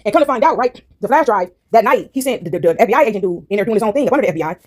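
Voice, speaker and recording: A woman's voice: medium pitch, lively intonation, very fast, darkish tone. A woman vlogger rambling through a movie recap to her viewers, swearing freely and calling them y'all.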